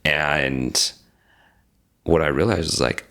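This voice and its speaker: A man in his forties with a very deep, gravelly voice, talking as a guest in a casual interview. He tells his story with energy and acts out what other people said. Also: a little fast. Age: 40s. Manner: animated storyteller acting out quoted dialogue. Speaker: podcast guest. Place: lives in Reno.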